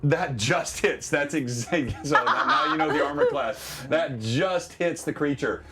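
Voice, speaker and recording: A man running a tabletop game as game master on a live stream, animated and laughing often as he narrates and explains rules. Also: fairly high pitch, unhurried, a crowd in the background.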